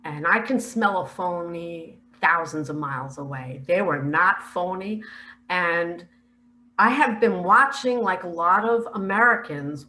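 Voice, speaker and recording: An older woman earnestly recounting a spiritual vision in a slow, heartfelt, emotional way. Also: on the low side, sharp tone, slight background noise, poor audio. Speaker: spiritual speaker sharing visions.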